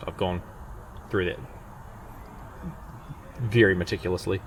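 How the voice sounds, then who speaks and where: A man with a croaky voice from a cold, talking plainly and methodically through car repairs in a casual workshop vlog. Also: low voice, steady tone, a little slow, a little hiss or hum. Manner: plain, methodical technical talk with fillers. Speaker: mechanic and channel host.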